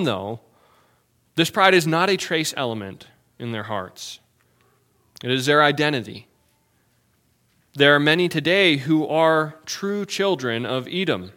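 Earnest man preaching a sermon. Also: a little high. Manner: earnest, pleading, with soft dropped phrases. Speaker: pastor. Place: church sanctuary.

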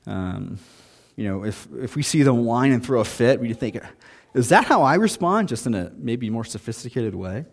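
A man in his thirties preaching a sermon in a relaxed, conversational way, with self-deprecating asides. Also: mid-range voice, moderate pace, creaky. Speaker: pastor.

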